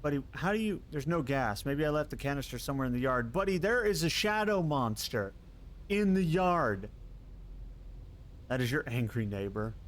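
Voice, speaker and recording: A man streaming live gameplay, chatting casually with his viewers, quick to laugh and curse at what happens on screen. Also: medium pitch, slight background noise. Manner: excitable, laughs and swears at the game.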